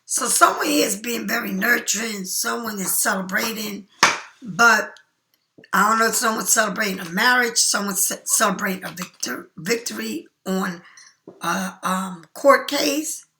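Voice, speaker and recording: A middle-aged woman giving a casual tarot reading, chatty and emphatic, sometimes slowing into soft whispers. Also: medium pitch. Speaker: tarot card reader.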